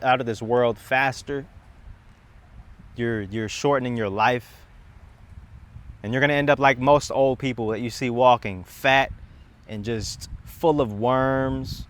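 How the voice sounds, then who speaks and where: A young man talks straight to the camera in an impassioned, rambling way, circling back on his words and restarting his sentences. His voice sits at a middle pitch. Traffic passes now and then behind him outdoors in the city. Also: fairly bright tone. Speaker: content creator. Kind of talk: casual rambling monologue.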